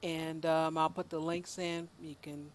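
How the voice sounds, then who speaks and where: Woman with hosting a chat show, unhurried, reads news out loud. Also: deep voice, level tone. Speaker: podcast host. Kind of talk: casual chat and reading news articles.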